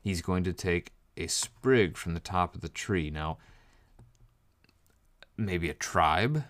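A man preaching a Bible study sermon, explaining scripture with emphatic, measured delivery and reading verses slowly. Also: low-pitched, lively intonation, fairly bright tone, no room sound.

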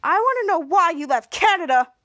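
Woman reading bossy male superhero, barks orders, very high voice. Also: lively intonation, fairly quick, pushed and bright, exaggerated voice.

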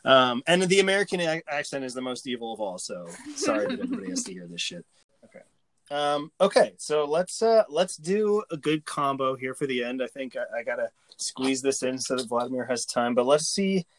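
A man's voice: medium pitch, expressive, a little fast, fairly bright tone. A man hosting a casual podcast, joking loosely while steering the conversation. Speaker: podcast host.

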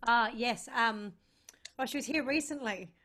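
A woman hosting a casual interview, asking drawn-out questions and laughing in between. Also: on the high side, a bit bright. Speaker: host.

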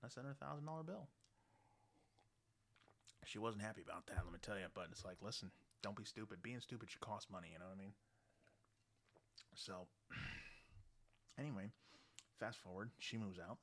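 A man telling a story casually, blunt and animated, swearing freely. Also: low voice, normal speed, pauses often.

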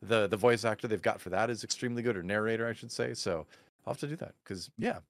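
A man co-hosting a podcast, talking in a relaxed, thoughtful, slightly rambling way. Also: lowish voice, fast talker, no echo. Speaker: podcast co-host. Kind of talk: casual podcast chat.

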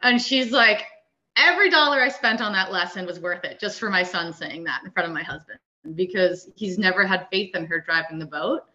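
Bright-voiced woman telling a story. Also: lowish voice, a little fast, highs cut off. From Canada. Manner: animated, acts out quoted dialogue. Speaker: guest, wakeboard coach. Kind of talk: casual storytelling interview.

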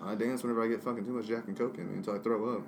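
A man with a low voice talks loosely on a podcast, cursing freely as he rambles through a story. A faint hiss of noise runs under the recording. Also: fairly even intonation, very fast, a little mellow. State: drinking. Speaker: podcast co-host. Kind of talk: casual chat.

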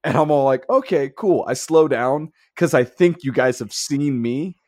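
A man's voice: mid-range voice, moderate pace, a little mellow, no room sound. A man telling a funny story in a casual chat with friends, laughing often as he goes.

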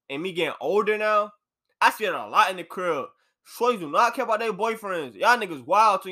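A young man hosting a podcast from an apartment, ranting casually in loose slang. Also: high voice. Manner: loose, animated slang-heavy rant. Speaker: podcast host.

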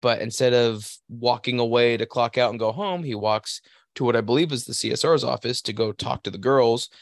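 A man's voice: mid-range voice, brisk, vocal fry, no room sound, studio quality. Cursing, rambling podcast guy. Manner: profane, rambling storytelling. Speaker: podcast host. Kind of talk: casual chat.

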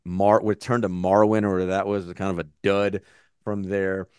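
A man's voice: deep voice, little pitch movement, fairly quick, a little mellow, smooth, dry recording, studio quality. Profane, rambling man podcast host. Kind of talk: casual movie-review chat.

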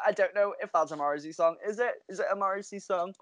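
Lively laughing woman on a call. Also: medium pitch, fairly quick, no echo. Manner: lively storyteller, laughs often. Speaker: podcast co-host. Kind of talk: casual chat over a video call. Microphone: headphones and mic on a video call.

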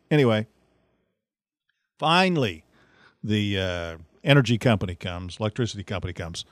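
A middle-aged man hosting a podcast, telling a funny story in a casual, animated way and laughing often. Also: fairly low pitch, normal speed, pauses often, no echo, studio quality. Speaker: podcast host.

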